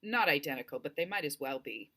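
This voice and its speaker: A woman reading the part of a tall, wisecracking teenage girl who is quick to take offense. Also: low voice, animated, pushed and bright, exaggerated voice. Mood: chatty. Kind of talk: audiobook character voice.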